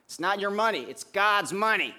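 A man imitating an older male mentor with an odd voice, who speaks slowly and bluntly in a deadpan way. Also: sits high, voice pushed up, full character voice.

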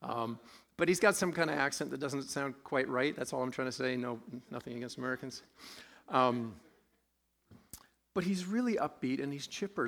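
A man's voice: mid-range voice, vocal fry, a bit bright. A man preaching a sermon, conversational and self-deprecating, with a sore throat, asking his congregation questions as he goes. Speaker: pastor.

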